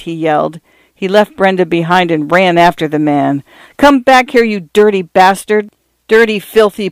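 A man narrating an audiobook in a measured, steady storytelling manner. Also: fairly high pitch, no echo.

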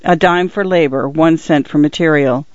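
A woman reading short stories aloud as the narrator of a reading service, measured and even. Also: low voice, no room sound. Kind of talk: scripted narration. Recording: dull, dry lo-fi recording.

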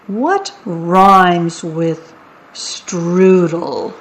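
A woman voicing a hungry, boastful male troll in a picture book read-aloud, with a drawn-out, greedy way of talking. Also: fairly low pitch. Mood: gloating. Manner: drawn-out, greedy, then stammering.

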